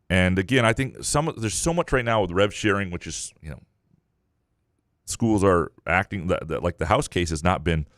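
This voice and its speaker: A man's voice: sits low, dry recording, clean studio sound. A man co-hosting a sports podcast, talking casually and rambling with many restarts. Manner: rambling, lots of restarts and fillers. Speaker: podcast co-host.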